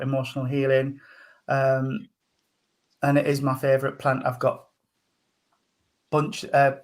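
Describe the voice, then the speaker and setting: A man working as a medium, giving a psychic reading in a gentle, hesitant way full of ums and endearments. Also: medium pitch. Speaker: spiritual medium.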